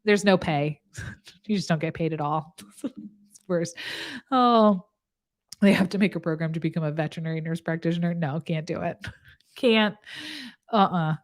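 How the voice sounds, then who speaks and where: A woman's voice: on the low side, normal speed, pauses often. Giggly, chatty woman nurse practitioner. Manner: chatty and giggly, laughs often mid-sentence. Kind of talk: casual live chat with viewers.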